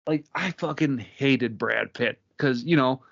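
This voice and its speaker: A man's voice: mid-range voice, unhurried, vocal fry, dull audio. A man co-hosting a podcast, talking casually with frequent swearing and emphasis. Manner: profane, emphatic. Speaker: podcast co-host. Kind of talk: casual chat.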